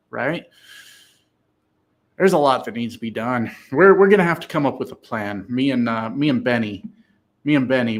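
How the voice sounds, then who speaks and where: A man hosting a casual political livestream, reading viewers' comments aloud and answering them in a profane, emphatic way that turns loud and excited. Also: mid-range voice.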